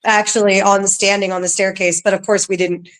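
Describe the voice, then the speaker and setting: A chatty woman talking as a guest on a casual podcast, with plenty of ums and easy laughs. She speaks at an ordinary middle pitch for a woman, in a relaxed and conversational way. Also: brisk. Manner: chatty, laughs often, filler-heavy. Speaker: paranormal museum staff guest.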